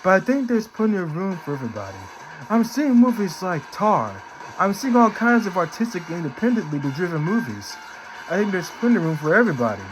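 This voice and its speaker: A man's voice: high-pitched, sing-song, fairly quick, low-quality recording. A man doing a quirky drawling movie-star impression. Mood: quirky, wry. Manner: drawling, offbeat celebrity impression read from quotes. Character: impression of a famous male movie actor. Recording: clear background music.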